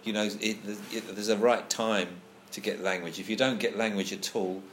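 A man's voice: fairly low pitch, fairly even intonation, normal speed, slight background noise. A man leading a casual group discussion, thoughtful and hesitant, restarting his sentences often.

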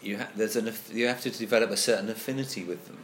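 A man's voice: lowish voice, steady tone, fast, slight background noise. A man leading a casual group discussion, thoughtful and hesitant, restarting his sentences often.

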